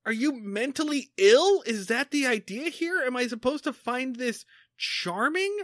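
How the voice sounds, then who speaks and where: A man's voice: extremely high pitch, animated, a little slow, a bit bright, dry recording, studio quality. A man co-hosting a podcast, ranting in heated, profane casual chat about a TV episode. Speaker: podcast co-host.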